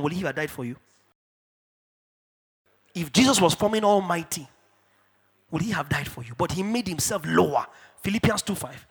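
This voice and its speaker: A middle-aged man from Africa preaching a sermon in church, emphatic and repetitive, dropping to hushed asides and rising to shouted declarations. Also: on the high side, slightly rough. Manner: repeats key phrases for stress. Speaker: pastor.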